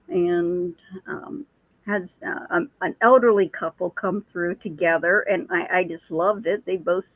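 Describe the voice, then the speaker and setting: A woman's voice: lowish voice, fairly even intonation, unhurried, dry recording. Chatty woman on a tinny phone line. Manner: chatty, storytelling with many restarts and laughs. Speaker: psychic medium guest. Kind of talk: casual chat.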